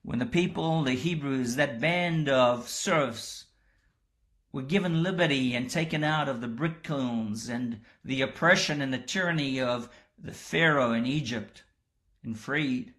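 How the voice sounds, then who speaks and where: A man preaching in a slow, deliberate sermon cadence. His voice sits at a middle pitch and lifts sharply when he voices the disciples' astonishment. The pace stays unhurried throughout. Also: a bit bright. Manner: slow, measured delivery that rises when voicing the disciples' astonishment.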